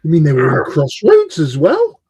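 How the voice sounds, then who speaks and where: A man on a livestream panel who works through the steps of a model kit out loud and chats along. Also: on the high side, wildly swooping pitch, normal speed. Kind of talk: casual chat on a livestream.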